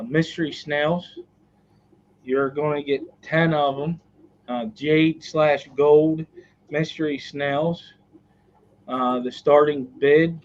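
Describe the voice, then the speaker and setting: A man hosting a live auction in a relaxed, joking way. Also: a little high. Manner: unhurried, joking. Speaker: auctioneer host. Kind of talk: casual live auction chat. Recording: dull lo-fi sound.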